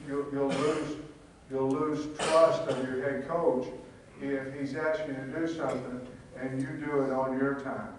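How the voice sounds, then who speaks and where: A man's voice: mid-range voice, slight background noise. An older man, a head coach giving a blunt, folksy clinic talk to other coaches. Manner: blunt, folksy and plain-spoken, with frequent restarts. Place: large hall at a coaching clinic. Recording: very echoey hall, distant from the mic.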